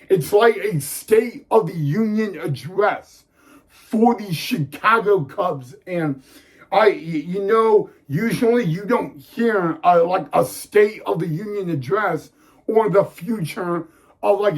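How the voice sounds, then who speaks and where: High-voiced, unhurried young man vlogging. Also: breathy edge. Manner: keeps calling the viewers "guys", eager and excitable. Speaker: fan vlogger. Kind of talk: casual direct-to-camera talk.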